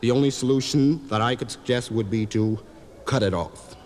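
A man playing a calm, formal doctor who speaks in a measured, grave way with hesitant fillers. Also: mid-range voice, long reverb tail, slight background noise, voice pushed down, close to an everyday voice. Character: calm, formal middle-aged male doctor.

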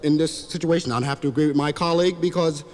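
A man playing a calm, formal doctor who speaks in a measured, grave way with hesitant fillers. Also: on the high side, in a large hall, close to an everyday voice. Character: calm, formal middle-aged male doctor.

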